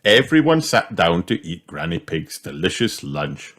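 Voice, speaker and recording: A man's voice: low-pitched, unhurried. A man reading a children's picture book aloud, voicing every character himself. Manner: expressive, does all the character voices. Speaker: audiobook narrator. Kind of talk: children's storybook read aloud.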